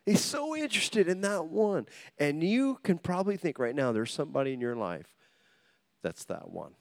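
A man preaching with an animated, swooping delivery, his pitch rising and falling constantly. He tells stories with humor, acts out the voices in them, and keeps pulling the congregation in with call-and-response. The sound is dry and close, with no room ring. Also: normal speed, vocal fry, dry recording. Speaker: pastor. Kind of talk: sermon.

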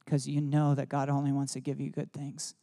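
A man's voice: mid-range voice, monotone, a little fast, warm tone. A man telling personal stories in a sermon, casual and rambling with many "like" fillers. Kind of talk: sermon storytelling.

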